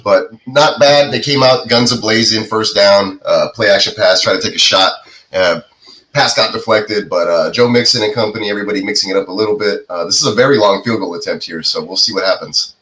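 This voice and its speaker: A man's voice: fairly low pitch, fairly quick, bright, forceful tone, poor audio. A man hosting a fantasy football watch-party podcast, giving casual play-by-play with lots of fillers. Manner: laid-back, filler-heavy play-by-play. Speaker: podcast host. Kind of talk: casual live game commentary.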